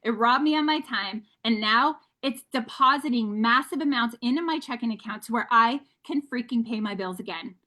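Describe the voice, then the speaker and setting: A woman's voice: a little high, moderate pace, hardly any pauses, bright, forceful tone. A woman leading a motivational team training, talking energetically and candidly and calling her listeners guys. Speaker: sales team leader.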